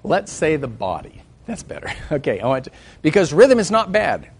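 Animated man teaching church music. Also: on the high side, moderate pace, breathy edge. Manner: animated, sings and hums examples, jokes with the class. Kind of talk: teaching a class on music and faith.

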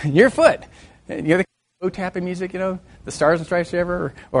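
A middle-aged man leads a church music lesson in a fairly high voice. He talks with lively energy, joking with his listeners and breaking into sung and hummed examples to make his point. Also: brisk. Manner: animated, sings and hums examples, jokes with the class. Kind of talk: teaching a class on music and faith.

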